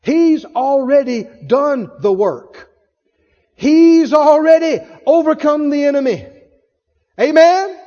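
A man's voice: very high-pitched, slow, mellow, in a large hall, lo-fi sound. A male preacher delivering an emphatic sermon, calling out to the congregation for responses and acting out voices.

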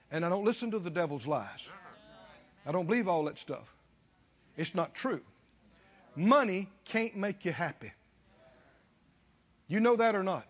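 A man's voice: high-pitched, fairly bright tone, long reverb tail, highs cut off. A man preaching a sermon, emphatic and exhorting, firing rhetorical questions at the congregation.

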